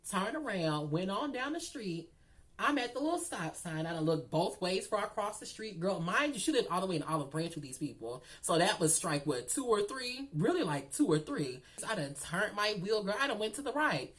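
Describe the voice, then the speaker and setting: Animated woman telling a story. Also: on the low side, moderate pace. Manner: animated, dramatic, keeps calling the listener "girl". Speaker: storytelling vlogger. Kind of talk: casual storytime.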